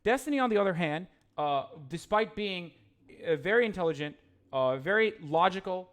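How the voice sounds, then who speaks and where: A man's voice: sits high, animated, normal speed. A young man streaming live, reading chat aloud and ranting in a heated, profane, rambling way with frequent restarts. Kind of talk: livestream reading chat and commenting.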